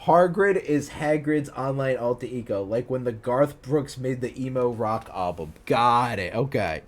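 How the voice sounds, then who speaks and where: Reading fan fiction to his stream, a man speaks in a medium-pitched, expressive voice without hurrying. He interrupts himself to scoff at it incredulously and ends up laughing.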